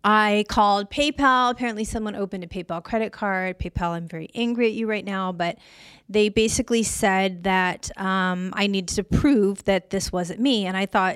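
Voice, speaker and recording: A woman in her fifties tells a story on her podcast, animated and sarcastic, with frequent laughs. Her voice sits in a middle pitch. She is recorded close and dry. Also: normal speed, clear, resonant tone, no echo. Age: 50s. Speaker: podcast host. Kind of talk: storytelling monologue.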